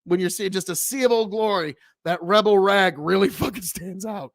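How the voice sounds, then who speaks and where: Man, american, reaction host, profane rambling, slightly high voice, dry close sound. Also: normal speed, a bit bright, no echo. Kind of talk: casual reaction commentary.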